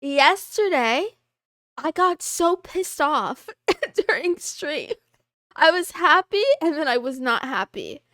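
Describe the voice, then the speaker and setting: Giggly high-voiced woman streamer. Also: slow, dry recording, clean studio sound. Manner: giggly and excitable. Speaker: live streamer. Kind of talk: casual chat reading live chat.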